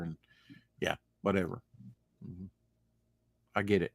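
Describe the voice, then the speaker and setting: Bright-toned rambling male streamer. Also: low voice, fairly even intonation, measured pace, gravelly, long pauses, dry recording. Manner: rambling, jokey, trails off mid-sentence. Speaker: co-host of a live stream show. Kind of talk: casual live stream chat.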